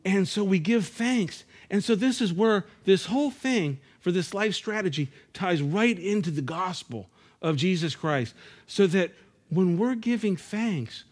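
A man preaching a sermon as pastor, in an earnest style, repeating words as he searches for phrasing and sinking low and soft at the ends of phrases. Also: animated, unhurried.

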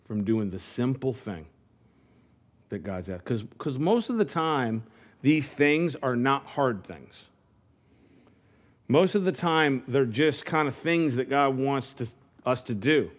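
A man's voice: medium pitch, animated, slow. A man preaching a sermon in a conversational way, with frequent restarts, building to fervent calls. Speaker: pastor.

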